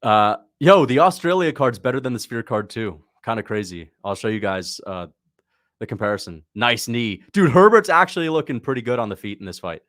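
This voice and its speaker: Man, casual live-stream fight reactor, mid pitch, chatty, prone to excited outbursts. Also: brisk. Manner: excitable, talks to chat, sudden shouts at big moments. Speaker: livestream host reacting to fights.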